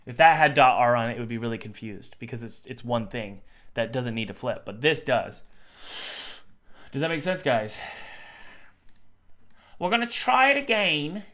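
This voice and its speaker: Working on a game live on stream, a young man talks casually, muttering to himself, thinking out loud, and chatting with his chat. He speaks at normal speed in a mid-range, fairly bright voice.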